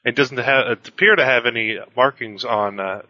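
A man's voice: mid-range voice, moderate pace, bright, forceful tone, dry recording, lo-fi sound. A man playing a tabletop game, describing his character hesitantly. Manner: hesitant, with many fillers. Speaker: player.

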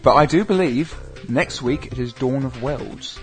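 A man's voice: medium pitch, a little slow, soft background music. Playful man steering the chat. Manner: playful, bossy about staying on topic. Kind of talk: casual post-game chat.

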